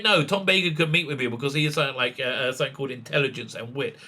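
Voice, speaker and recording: Bright, sarcastic ranting man. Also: mid-range voice, racing, hardly any pauses. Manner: sarcastic, ranting, with frequent fillers. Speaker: online commentator. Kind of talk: ranting video commentary.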